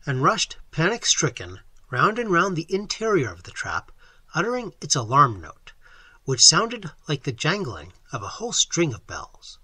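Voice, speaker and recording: A man's voice: fairly high pitch, wildly swooping pitch, moderate pace, pushed and bright, husky, no echo. A man reading a story aloud as audiobook narrator, telling it expressively. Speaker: audiobook reader. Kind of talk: scripted narration.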